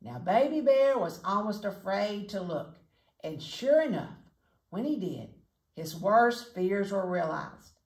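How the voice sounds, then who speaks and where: A woman's voice: medium pitch, very animated, slow pace. Chatty woman reading a storybook aloud. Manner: chatty storyteller, pointing out the pictures. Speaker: children's book reader. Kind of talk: reading a picture book aloud. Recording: echoey room, faint noise.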